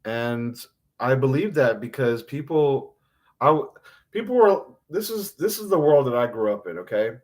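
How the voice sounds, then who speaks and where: Lively, rambling man on a solo stream. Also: medium pitch, normal speed. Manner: rambling and self-mocking, swinging from mumbles to loud outbursts. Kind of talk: rambling solo livestream monologue.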